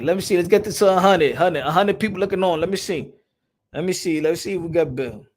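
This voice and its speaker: Brief: male boxing streamer, high voice, slangy, laid-back chatter. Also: fast, a little mellow. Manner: loose, slangy, muttering while checking the stream. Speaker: boxing live-stream host. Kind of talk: casual live-stream chat.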